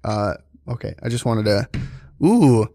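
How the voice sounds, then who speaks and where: A man hosting a casual podcast, joking and rambling with halting restarts. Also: lowish voice, very animated, dark tone, dry recording, clean studio sound. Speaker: podcast host.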